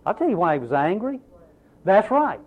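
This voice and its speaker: A man's voice: high voice, very animated, moderate pace, slight background noise. A man preaching a sermon with emphatic delivery and rhetorical questions to the congregation. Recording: tinny, phone-like narrow sound.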